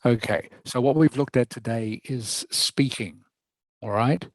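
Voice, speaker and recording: Male English teacher, patient and encouraging, steady mid voice, dry close sound. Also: mid-range voice, measured pace, no room sound, low-quality recording. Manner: patient, encouraging, checks understanding often. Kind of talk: online lesson feedback.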